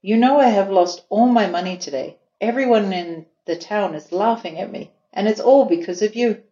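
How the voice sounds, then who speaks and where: A woman's voice: mid-range voice, moderate pace, dark tone, close to an everyday voice. A woman voicing a proud, hot-tempered man in a storybook reading. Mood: exasperated. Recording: echoey room, dull lo-fi sound.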